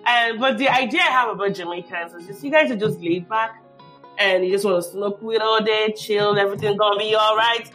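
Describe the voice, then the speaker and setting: A woman's voice: medium pitch, fairly quick, a bit bright. Woman host, long meandering questions, faint music bed. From Nigeria. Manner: rambling, many asides and restarts. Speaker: podcast host.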